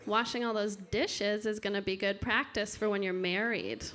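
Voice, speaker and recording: A woman performing a stand-up comedy set in a comedy club, with a deadpan, self-deprecating delivery. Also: medium pitch, normal speed. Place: comedy club stage with live audience. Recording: noisy club room audio. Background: audience laughter.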